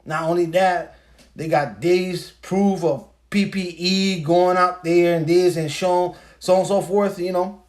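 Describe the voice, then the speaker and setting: A man in a loose monologue, retelling a story and swearing freely. His voice sits a little high for a man. He hammers his points home with rhetorical questions. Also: steady tone, unhurried, darkish tone. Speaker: podcast host. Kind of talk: casual ranting monologue.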